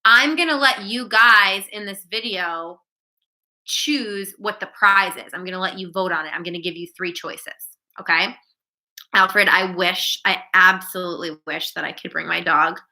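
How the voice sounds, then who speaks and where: A woman's voice: medium pitch, normal speed, pushed and bright, low-quality recording. A woman teacher hosting a live online class Q&A, talking directly to her students by name.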